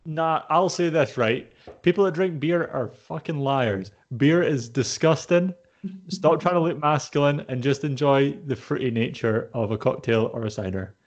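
A man's voice: medium pitch, moderate pace. A man co-hosting a podcast who jokes crudely and gives blunt opinions in casual banter. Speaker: podcast co-host.

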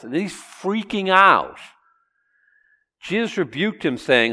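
A middle-aged man preaching a sermon in an animated, expressive way, his pitch leaping up and down as he acts out scenes and throws questions at the congregation. His voice carries a long reverb from a large church hall. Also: measured pace. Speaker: pastor. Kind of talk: expository sermon.

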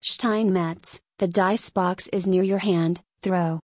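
A woman's voice: on the low side, fairly even intonation, slow pace, a little mellow, dry recording, clean studio sound. A woman reading the lines of a defiant nobleman, careless and scornful in manner, in a storybook. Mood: nonchalant. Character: defiant nonchalant male nobleman.

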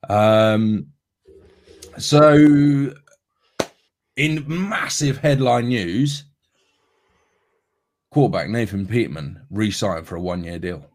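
A man's voice: lowish voice, takes it slowly, long pauses, a little mellow. A man co-hosting a casual sports podcast, rambling with lots of ums and restarts. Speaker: podcast co-host.

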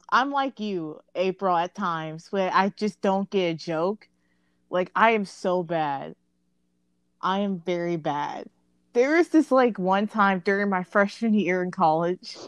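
Giggly woman speaking slowly. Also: medium pitch, clean tone, dry recording. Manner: giggly, relaxed, quick to laugh. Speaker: podcast co-host. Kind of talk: casual chat.

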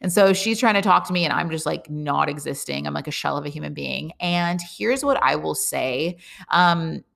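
A woman's voice: deep voice, moderate pace, creaky, fairly bright tone. A young woman hosting a podcast, talking candidly in a casual, rambling way, full of fillers and swearing. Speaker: podcast host. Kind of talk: casual personal monologue. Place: lives abroad, talking to listeners.

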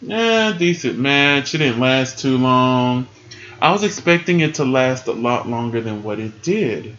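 A man giving a sassy, animated casual recap of a wrestling show, laughing often and jumping into high squeals. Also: measured pace, dull audio.

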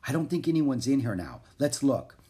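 A man's voice: medium pitch, very animated, moderate pace, dark tone, pitched above the performer's own voice, natural voice. Brief: man doing a bubbly storybook girl, upbeat and coaxing, lifted voice. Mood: cheerful. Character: eager cheerful young girl, Annie.

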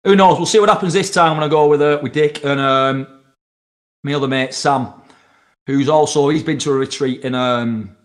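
A man's voice: a little high, normal speed. Swearing, rambling man. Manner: rambling, swears freely, animated retelling with voiced quotes. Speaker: podcast guest. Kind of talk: casual storytelling chat.

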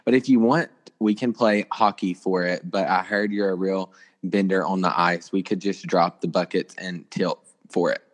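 A man's voice: low-pitched, steady tone, normal speed, long reverb tail, lightly acted. A man putting on a cocky Canadian pop star. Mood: teasing. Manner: teasing, mock-boastful. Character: cocky young male pop star, joking.

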